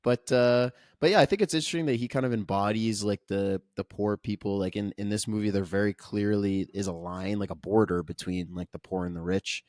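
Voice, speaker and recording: A man's voice: lowish voice, fairly even intonation, fairly quick, hardly any pauses, a little mellow, no room sound, studio quality. A man co-hosting a podcast, chatting casually and thoughtfully about a film, hedging his points with lots of "like". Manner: thoughtful, hedging, many fillers. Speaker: podcast co-host. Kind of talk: casual film review chat.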